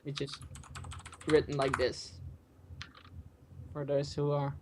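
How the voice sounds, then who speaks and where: A game master narrating a tabletop game over online voice chat, pausing often with ums and uhs. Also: medium pitch, level tone, a little mellow, a little hiss or hum. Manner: hesitant, many ums and uhs. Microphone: online voice chat mic.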